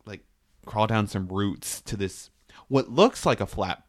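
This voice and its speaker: A young man telling a camping story in a casual chat, lively and laughing. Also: lowish voice, unhurried. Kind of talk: casual family podcast chat.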